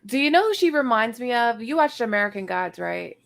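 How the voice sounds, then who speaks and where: A woman's voice: fairly high pitch, very animated, brisk, gravelly. A woman co-hosting a casual live after-show chat, firing off questions and restarting her thoughts often. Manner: tumbling questions, stops and restarts mid-thought. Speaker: co-host.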